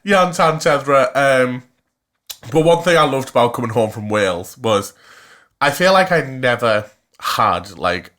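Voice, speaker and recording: Flamboyant young Cumbrian man telling a story. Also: measured pace. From West Cumbria, England. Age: 20s. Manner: animated, flamboyant, jumps into high-pitched quoted voices; laughs often. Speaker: podcast co-host. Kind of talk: casual chat, storytelling.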